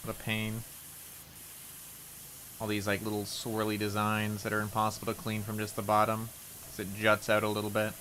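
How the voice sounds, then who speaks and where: A man streaming a game, telling a story in lively casual chat with laughter and swearing. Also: lowish voice, moderate pace, pauses often, slight background noise. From Canada.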